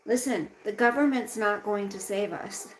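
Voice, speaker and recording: A woman's voice: mid-range voice, normal speed, slight background noise, poor audio. A woman hosting a casual live stream at home, ranting indignantly about government and taxes, then baby-talking to her pet. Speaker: livestream host.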